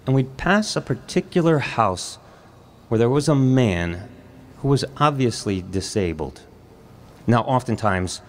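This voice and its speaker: A man telling a personal story at a live storytelling event, in a measured, reflective way with dramatic pauses. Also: medium pitch, slight background noise.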